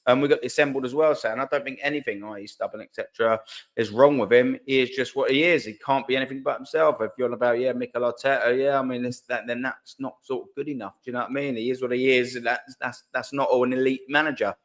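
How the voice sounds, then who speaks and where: A young man hosts a live stream in a casual, slangy way and keeps reading viewer comments out loud. His pitch sits in the middle for a man. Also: steady tone, fast. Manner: laid-back, slangy, reads chat aloud. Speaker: host of a live fan stream.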